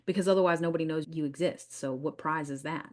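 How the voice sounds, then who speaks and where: A woman with a Southern US accent hosts a marketing podcast in a somewhat low voice. She speaks with confident, emphatic conviction and slips into quoted voices to act out what clients say. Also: fairly even intonation, quick pace, a little mellow. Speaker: podcast host, business coach.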